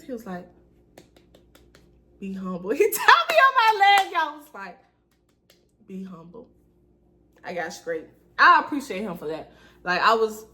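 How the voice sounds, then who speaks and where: A young woman vlogger telling a storytime in a sassy, animated, colloquial way. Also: on the high side. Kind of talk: casual storytime.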